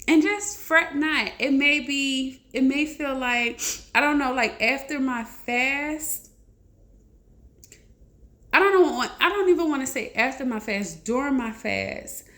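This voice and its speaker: A woman talks straight to her viewers in a loose, rambling vlog. Her voice sits a little high, and she comes across as emotional and earnest as she shares her testimony. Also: creaky, a bit bright. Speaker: vlogger sharing a testimony. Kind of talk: casual heartfelt chat to camera.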